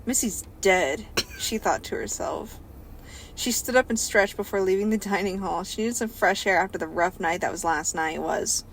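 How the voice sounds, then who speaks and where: A woman's voice: mid-range voice, normal speed, slight background noise. A young woman co-hosting a casual podcast, reading a story aloud and breaking off with giggles to tease the writing. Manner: giggly, reads then breaks off to mock the text.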